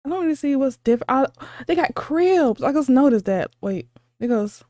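A woman hosting a reaction video, gushing with excited, squealing exclamations and repeating herself, a little sleepy because it is late at night. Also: sits high, moderate pace, no room sound, studio quality. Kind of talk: excited casual reaction commentary.

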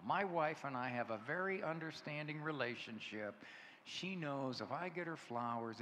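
Man in his fifties, bright lively speaker, storytelling talk in a big echoey hall. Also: on the high side, normal speed. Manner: animated storytelling, acting out dialogue. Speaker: conference speaker. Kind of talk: humorous talk to an audience. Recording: echoey hall with faint noise.

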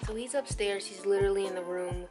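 A woman's voice: fast, over loud music. A young woman vlogging casually to her viewers, chatty and informal, just woken up. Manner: chatty, switches to high baby talk for her puppy. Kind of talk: casual vlog chat.

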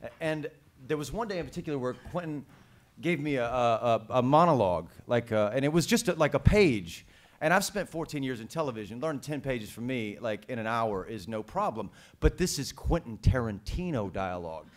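A man on a press conference panel telling a story about acting, animated, swearing and repeating words. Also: medium pitch, brisk.

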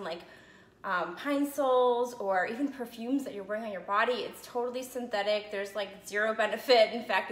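A woman's voice: medium pitch, fairly bright tone. A woman selling essential oils in a casual live video from her home, chatty and a little out of breath after a run, often checking in with "okay?" and "right?". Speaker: essential oil seller. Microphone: phone. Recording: echoey room.

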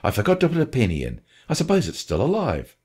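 A man voicing a bossy, quick-witted northern English mother who talks in a brisk, cheeky way in a radio story reading. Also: mid-range voice, huge pitch swings, darkish tone, slightly rough. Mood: tart.

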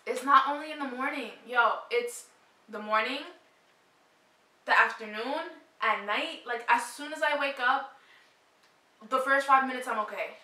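A woman's voice: high-pitched, a little slow, long pauses, bright, forceful tone. A young woman in her twenties, pregnant and suffering morning sickness, chatting casually to camera in a rambling way full of fillers. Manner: rambling, filler-heavy "like" talk. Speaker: vlogger. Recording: roomy echo, mic at a distance.

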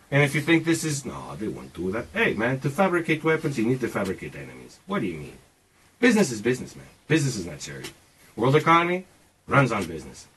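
The recording is low quality with slight background noise, and the man's voice sits fairly high with a fairly bright tone. In his forties, he muses casually and at length on his personal views, swearing frequently, speaking with emphasis, and referring to the listener as "man."

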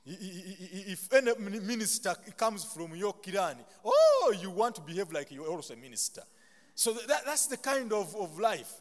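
A high-voiced Ugandan pastor delivers a sermon, pausing mid-sentence with a questioning "what?" so the congregation can fill in the word. He mixes humorous, self-deprecating asides into his preaching. A long chapel reverb trails his voice. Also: animated. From Buganda, Uganda. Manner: call-and-response, leaves sentences open for the congregation to finish.

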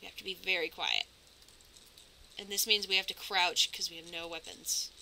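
A woman's voice: on the low side, fairly even intonation, moderate pace, vocal fry, pushed and bright, slight background noise, low-quality recording. A woman commentating her game playthrough, chatty and narrating her moves, with nervous reactions. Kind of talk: let's play commentary.

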